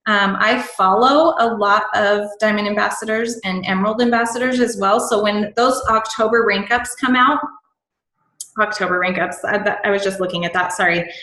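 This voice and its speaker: A woman's voice: mid-range voice, steady tone, moderate pace, pushed and bright. A woman giving casual sales tips on a team call, bubbly and chatty with lots of ums and likes. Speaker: team call guest speaker. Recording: echoey room.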